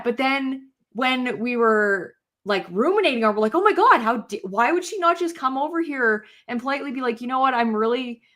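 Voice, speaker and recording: A woman with a bright, sharp voice co-hosts a casual podcast chat. She talks in an animated way, fills her talk with "like," and acts out what people said. Her voice sits a little high. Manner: animated, many "like" fillers, acts out quotes. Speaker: podcast co-host.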